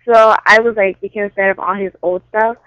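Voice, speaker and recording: A woman's voice: medium pitch, fairly even intonation, a little fast, fairly bright tone, no room sound. A young woman calling in to a radio show, hesitant, with frequent likes. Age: young adult. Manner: hesitant, uses like as filler. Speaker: caller. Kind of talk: phone-in call. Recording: muffled lo-fi phone line.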